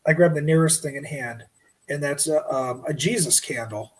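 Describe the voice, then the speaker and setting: A middle-aged man telling a paranormal story as a podcast guest, lively and animated, acting out his own shouts. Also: a little high, moderate pace, rough recording.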